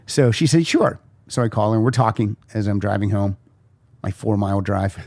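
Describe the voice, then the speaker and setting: A man's voice: fairly low pitch, brisk, no room sound. A man hosting a podcast, telling anecdotes in a casual chat and acting out the voices of the people in them. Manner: animated storyteller acting out the voices in his anecdotes. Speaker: podcast host.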